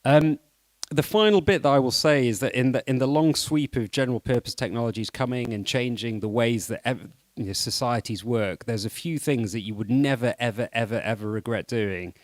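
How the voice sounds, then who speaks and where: A man giving a fluent, measured and persuasive talk at a conference. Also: medium pitch, dry recording. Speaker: conference speaker.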